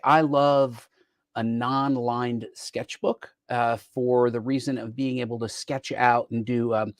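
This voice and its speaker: Male show host, playful and chatty, dry close mic, mid-pitched voice. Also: no room sound. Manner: upbeat, playful, frequent fillers. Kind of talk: casual chat about gifts.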